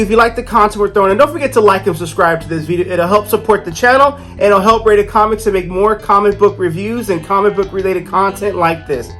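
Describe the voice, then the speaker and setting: A man's voice: high-pitched, a bit bright. A man casually narrating a comic book review, with jokey, rambling asides.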